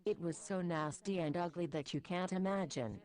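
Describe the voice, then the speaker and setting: A woman's voice: on the low side, normal speed, a little mellow. A woman reading a crude comic story aloud in a matter-of-fact way. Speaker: story reader.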